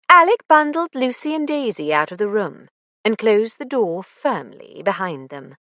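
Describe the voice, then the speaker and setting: A woman narrating a mystery audiobook in a dramatic, expressive reading. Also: mid-range voice, a little slow, no room sound, studio quality. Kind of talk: scripted narration.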